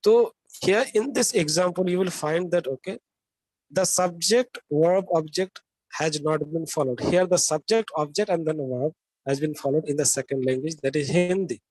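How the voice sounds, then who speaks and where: Indian man lecturing, higher voice, checking in with "okay?". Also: normal speed, a little mellow, no room sound, rough recording. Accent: Indian English. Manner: talks with frequent "okay?" checks and questions to students. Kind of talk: classroom lecture.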